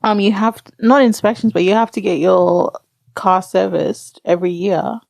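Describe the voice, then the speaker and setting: A woman's voice: mid-range voice, steady tone, moderate pace, creaky, darkish tone, no room sound. A woman co-hosting a podcast, chatting casually with short, laid-back replies. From Australia. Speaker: podcast co-host. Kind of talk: casual chat.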